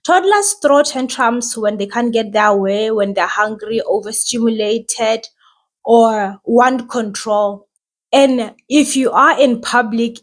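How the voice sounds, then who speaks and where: A woman who hosts a podcast and talks as a mother, giving casual, reassuring advice and often asking "right?". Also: a little high.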